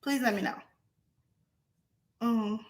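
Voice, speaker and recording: A woman's voice: fairly high pitch, takes it slowly. A young woman hosting a livestream, ranting in a heated, profane way, repeating words for stress and talking straight to her chat. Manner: talks to her chat directly. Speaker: livestream host. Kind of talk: heated casual livestream rant.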